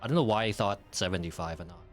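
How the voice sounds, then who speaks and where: A man's voice: lowish voice, racing, faint music behind. A man playing in a tabletop game, chatty and laughing often, thinking aloud about his moves. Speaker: player. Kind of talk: casual tabletop play.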